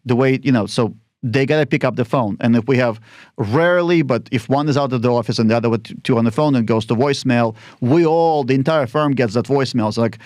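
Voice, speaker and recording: A man, a lawyer guesting on a podcast, telling quick stories and acting out the client dialogue himself. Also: medium pitch, darkish tone, no echo, studio quality. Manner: quick storytelling that acts out phone calls and client dialogue. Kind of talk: casual interview talk.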